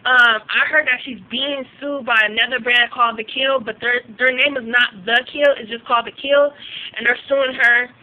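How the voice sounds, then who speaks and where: A woman's voice: on the high side, fairly even intonation, moderate pace, narrow, tinny audio. A young woman giving blunt, profane gossip reviews as a vlog host, talking casually and getting outraged.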